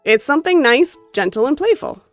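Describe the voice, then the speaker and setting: A woman's voice: high voice, lively intonation, fairly quick, no room sound, soft background music. A woman with a North American accent streaming a game, reading its story text aloud with expression and breaking off into casual asides to chat. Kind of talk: reading a visual novel aloud while chatting with stream chat.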